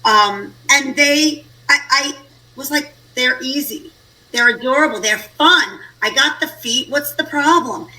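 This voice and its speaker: Bright high-voiced playful woman. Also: measured pace, low-quality recording. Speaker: guest cook. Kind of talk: casual chat.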